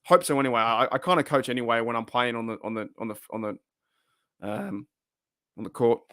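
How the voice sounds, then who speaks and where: A man's voice: medium pitch, brisk, pushed and bright, dry recording, studio quality. A man hosts a casual livestream, rambling and swearing as he answers chat, his voice wearing thin. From Australia. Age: 30s. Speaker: livestream host.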